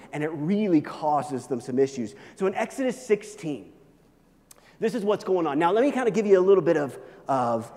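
A man preaching a sermon, animated, swinging between loud emphasis and hushed asides. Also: sits high, long reverb tail. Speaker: pastor.

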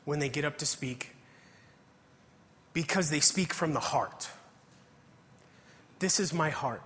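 A man's voice: on the high side, sharp tone. A man preaching a testimony sermon, telling his story earnestly and reading scripture aloud. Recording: hall reverb.

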